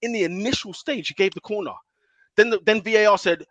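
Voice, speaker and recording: A man's voice: high-pitched, quick pace, fairly bright tone, no echo. A man co-hosting a podcast, ranting in a heated football debate and repeating himself in exasperation. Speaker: podcast co-host.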